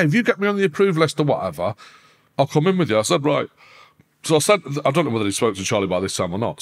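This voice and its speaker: A man, a podcast guest telling a story casually, swearing constantly and acting out quoted dialogue. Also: medium pitch. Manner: heavy swearing, animated retelling with quoted dialogue.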